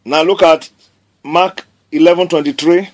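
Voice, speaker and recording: A man's voice: fairly high pitch, fairly even intonation, a little slow. A man preaching a sermon, declaring scripture emphatically and repeating key phrases.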